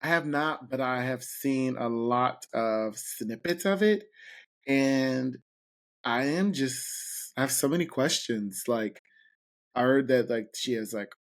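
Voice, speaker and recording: A man's voice: medium pitch, takes it slowly. A man co-hosting a podcast, chatting casually with easy laughter and loose fillers. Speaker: podcast co-host. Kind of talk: casual conversation.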